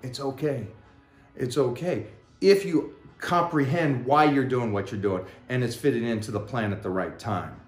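A man coaching a workout in a gym, energetic and joking as he explains the exercises. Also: mid-range voice, normal speed. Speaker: fitness coach. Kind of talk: casual workout vlog coaching. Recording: roomy echoey gym.

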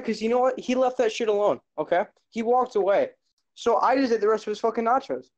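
A young man telling a story in a casual group chat with friends, animated and theatrical, swearing as he goes. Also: high-pitched, fairly quick, dull audio.

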